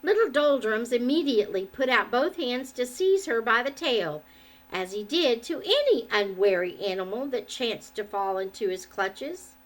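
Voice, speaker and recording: A woman reading a children's book aloud in an expressive, measured way. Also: fairly high pitch. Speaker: storyteller.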